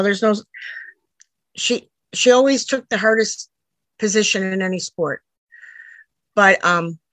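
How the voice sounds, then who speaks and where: A woman's voice: medium pitch, no room sound, low-quality recording. A middle-aged woman, a mother, telling a long personal story in an earnest, rambling way that jumps back and forth in time. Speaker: interviewee, a mother telling her daughter's story.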